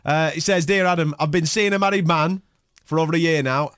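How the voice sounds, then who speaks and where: A man hosting a radio breakfast show, quick, chatty and jokey on a studio microphone. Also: on the high side, a bit bright, smooth, dry recording. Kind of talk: casual radio banter.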